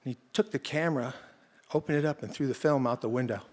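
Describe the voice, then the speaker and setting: A man's voice: mid-range voice, quick pace, a little mellow. A man telling a true personal story on stage in a conversational, vivid present-tense way. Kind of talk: live first-person storytelling.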